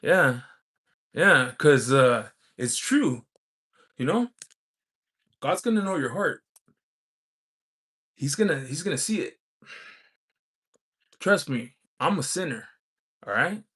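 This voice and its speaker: A man's voice: on the high side, sing-song, takes it slowly, long pauses, a bit bright, husky. A man hosting a casual livestream, rambling with many fillers as he reads chat comments aloud. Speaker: livestream host reading chat.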